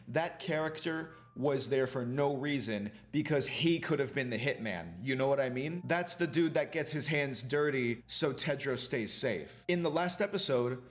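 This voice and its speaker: A man, a film student, reviewing a TV show in a casual, profane rant full of fillers. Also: medium pitch. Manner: profane, ranting, many fillers like "you know".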